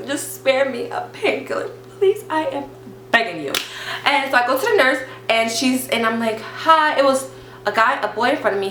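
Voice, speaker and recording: A young woman vlogger telling a story in casual chat, acting out other people's voices. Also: mid-range voice. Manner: animated, acts out voices of teacher, nurse and mom. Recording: echoey room with faint hum.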